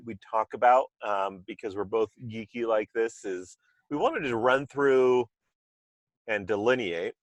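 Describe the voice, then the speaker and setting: A man's voice: lowish voice, a little slow, dry recording. A man hosting a podcast in casual chat, talking loosely with asides and restarts over a remote call microphone. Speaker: podcast host.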